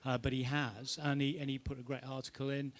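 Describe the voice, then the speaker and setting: English man, rally guest, rowdy storyteller, mid-pitched voice. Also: little pitch movement, fairly quick. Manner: boisterous, swearing, storytelling. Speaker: rally driver panel guest. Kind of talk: lively anecdotal panel talk.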